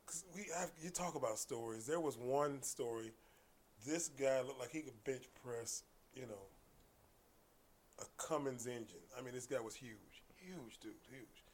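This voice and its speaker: A man telling stories in casual conversation as a podcast guest, animated, dropping into hushed asides and then loud bursts. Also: mid-range voice, a little slow.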